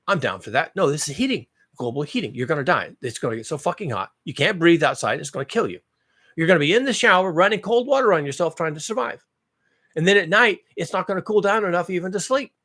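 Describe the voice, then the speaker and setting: This channel host's news commentary is a sarcastic, swear-filled rant. Quiet muttering gives way to loud outbursts, and he repeats phrases to stress his points.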